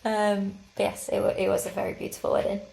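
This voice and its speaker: A woman co-hosting a podcast, chatty and quick to giggle in a casual travel chat. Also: mid-range voice, monotone, creaky, dark tone. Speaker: podcast co-host.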